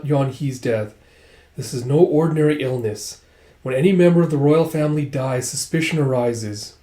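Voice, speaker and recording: A man's voice: a little high, dark tone. A man casually reading a manga aloud, reacting as he goes, in an echoey room. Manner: chatty, reacting aloud as he reads. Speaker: manga read-along host. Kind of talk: casual manga read-along.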